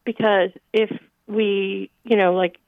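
A woman's voice: mid-range voice, flat delivery, slow, gravelly, dry recording. A woman calling in to a radio show, talking thoughtfully with many fillers. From Midwest. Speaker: caller. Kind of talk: call-in radio chat. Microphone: telephone. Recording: tinny phone line.

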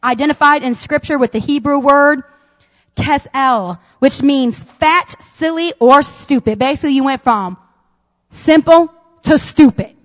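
A woman pastor, preaching a lively sermon with loud emphasis and soft asides. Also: high-pitched, unhurried, muffled recording. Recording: long hall reverb.

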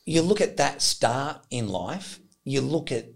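Very gravelly-voiced male podcast host. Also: medium pitch, lively intonation. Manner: measured, reflective questioner with fillers. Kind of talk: casual podcast interview.

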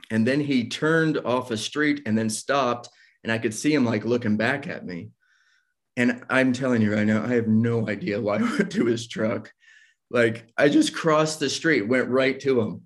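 Casual man telling a personal story. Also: mid-range voice. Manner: casual, self-deprecating, laughs while telling.

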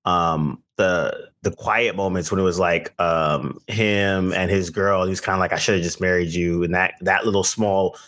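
A man's voice: low voice, steady tone, measured pace, hardly any pauses, fairly bright tone. A man chatting casually about movies as a podcast co-host, laid-back and slangy, often agreeing.

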